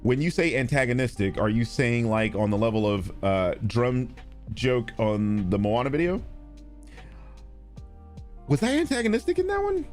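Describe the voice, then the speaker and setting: A man streaming live, chatting casually and responding to viewers, animated and blunt, with frequent swearing. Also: normal speed, long pauses, soft background music. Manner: animated, swings between loud and low, swears freely.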